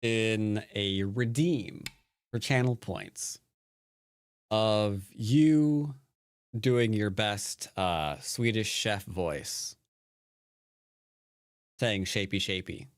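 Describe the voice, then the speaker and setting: A man's voice: fairly low pitch, expressive, drawn-out words, pauses often, no echo, studio quality. Wry, rambling man muttering over a game. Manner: rambling self-talk, trailing off into mutters; joking, wry asides. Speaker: Go player and teacher streaming a game. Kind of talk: casual live-stream game commentary.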